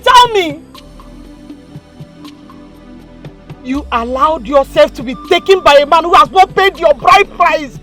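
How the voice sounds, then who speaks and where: A woman's voice: high-pitched, normal speed, fairly bright tone, faint music behind. An actress with a Nigerian accent playing a distraught middle-aged mother who scolds her pregnant daughter. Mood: angry. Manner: scolding, emotional. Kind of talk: film drama acting.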